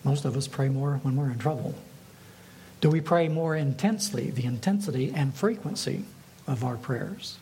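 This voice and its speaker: A man, a pastor, preaching a sermon in a measured way and putting rhetorical questions to his congregation. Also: medium pitch, warm tone, slight background noise, rough recording.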